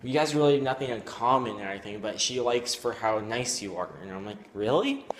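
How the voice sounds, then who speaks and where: A teenage boy telling a personal story at home, rambling and halting with many fillers. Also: on the low side, a bit bright, slight background noise. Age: teens. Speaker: student vlogger. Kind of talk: casual storytelling.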